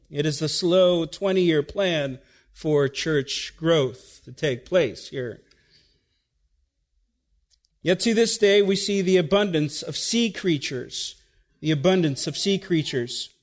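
High-voiced preacher teaching scripture. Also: male voice. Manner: teacherly, repeats okay to check listeners, dry asides. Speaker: pastor. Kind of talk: expository sermon.

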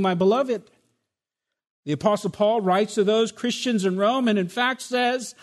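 Delivering a sermon at a moderate pace, a high-pitched male pastor addresses his flock as "my beloved" and leans on emphatic rhetorical questions. He comes from a Spanish background.

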